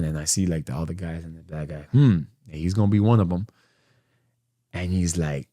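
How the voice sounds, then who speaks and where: Deep-voiced man telling a profane story. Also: fairly quick, mellow. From Miami. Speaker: guest. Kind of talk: casual storytelling.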